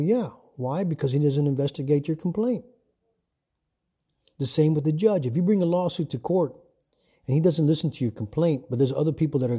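A man's voice: a little high, warm tone, breathy edge. A man giving an informal, rambling sermon from home, repeating himself and often calling his listeners "folks.". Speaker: self-made preacher. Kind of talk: informal preaching monologue.

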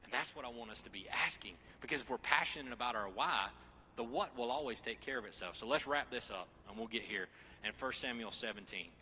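Casual male preacher, 30s, mid-pitched, very bright, playful asides to the congregation. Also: brisk, a little hiss or hum. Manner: joking, lively asides to the congregation. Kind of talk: sermon.

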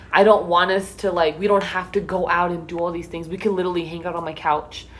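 A woman's voice: fairly low pitch, level tone, fast talker, hardly any pauses. A young woman hosting a casual chat, talking earnestly and emotionally, close to tears. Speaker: host.

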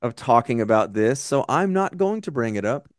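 A man's voice: mid-range voice, big pitch swings, moderate pace, dry recording, studio quality. A man co-hosting a podcast, chatting casually about a movie in a blunt, profane, rambling way. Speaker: podcast co-host. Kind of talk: casual movie-review chat.

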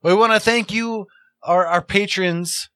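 A man's voice: high-pitched, steady tone, measured pace, a bit bright, clear, resonant tone, no room sound. A man hosting a casual beer-tasting chat, talking with enthusiasm and rambling a little. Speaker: podcast host.

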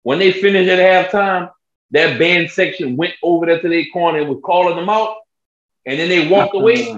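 Young guy on a sports pod, slightly high voice, roomy dull lo-fi sound. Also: normal speed. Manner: animated storyteller, acts out quotes in a high voice. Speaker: podcast co-host. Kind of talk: casual sports podcast chat.

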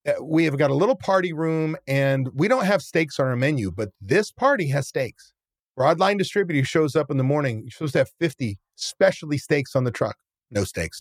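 Animated man telling a restaurant story. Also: fairly high pitch, no room sound, clean studio sound. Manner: animated, acts out scenes with quoted voices; blunt, casual swearing. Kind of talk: casual chat, storytelling.

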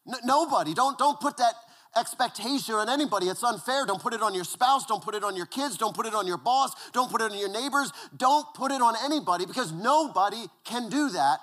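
In a conversational style, a man preaches as pastor, often repeating words and lowering to a quiet, low tone when he wants to stress a point.

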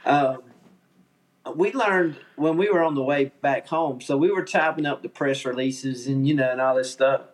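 A man's voice: medium pitch, moderate pace. A man with a Southern accent, a podcast guest telling stories in an easygoing way and chuckling often. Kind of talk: casual chat.

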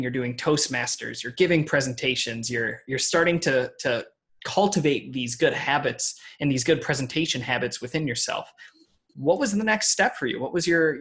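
A man's voice: medium pitch, moderate pace, fairly bright tone. A man hosting an interview, asking follow-up questions and summing up what his guest says. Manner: curious, affirming, summarizes the guest. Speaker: podcast host. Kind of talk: conversational interview.

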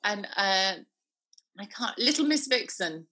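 A woman's voice: medium pitch, expressive, unhurried, pushed and bright, breathy edge. A woman in her thirties co-hosting a podcast, chatting casually, often restarting her sentences and giggling. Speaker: podcast co-host. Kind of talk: casual chat.

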